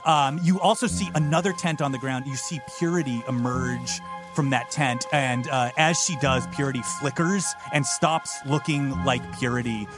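A man narrating as game master of a comedic tabletop role-playing podcast, lively and playful. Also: moderate pace, over music. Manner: animated, jumps into high silly voices for side characters.

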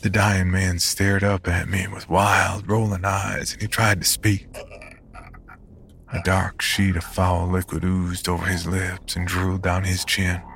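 A man narrating a horror story in a measured, grim manner. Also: low voice, gravelly, fairly bright tone, a little hiss or hum. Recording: narration over background music.

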